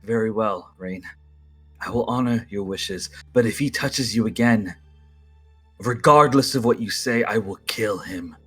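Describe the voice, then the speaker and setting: A man voicing a fiercely protective, brooding non-human male companion in a low, menacing tone. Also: unhurried, a bit bright, breathy edge, soft background music. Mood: grave.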